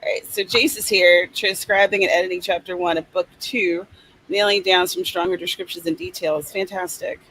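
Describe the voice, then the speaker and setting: A woman's voice: lowish voice, fairly even intonation, normal speed, a bit bright, rough recording. A woman hosting a live writing stream, chatting casually and reading out viewers' comments. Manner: chatty, reads out comments, playful asides.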